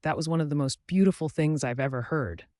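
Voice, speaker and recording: A man's voice: on the high side, fairly quick, a little mellow, dry recording, lightly acted. An earnest, successful businessman who pushes with urgency, voiced plainly by a man. His delivery is sincere and pressing. The recording is dry and close. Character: successful businessman, earnest and driven, male adult.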